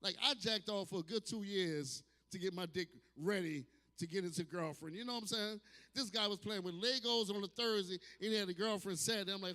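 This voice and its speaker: A fairly quick, high-pitched man in his fifties from New Orleans, USA, performs a stand-up comedy set. Brash and profane, he's loud and given to sudden shouts and acted asides, playing to a live audience at a distillery bar, with hall reverb from a club room in the recording.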